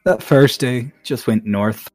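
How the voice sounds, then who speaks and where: A man's voice: mid-range voice, takes it slowly, darkish tone, no room sound, studio quality, soft background music, lightly acted. A man voicing a laid-back, blunt woman sailor with a Cockney accent and clipped, offhand phrasing.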